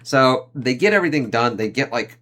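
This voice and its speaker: A man giving a casual, loose review of an anime season, swearing freely and leaning on fillers like "like" and "uh", with quick impressions of the characters he talks about. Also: medium pitch, animated, a bit bright. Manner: rambling, profane, heavy on fillers like "like" and "uh".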